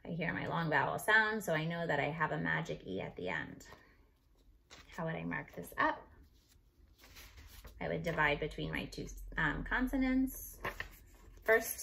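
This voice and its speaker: A woman teacher walking young students through spelling and marking up words, sounding out each syllable and letter slowly and clearly. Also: fairly low pitch, fairly bright tone, slight background noise. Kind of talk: recorded phonics review lesson. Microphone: computer microphone.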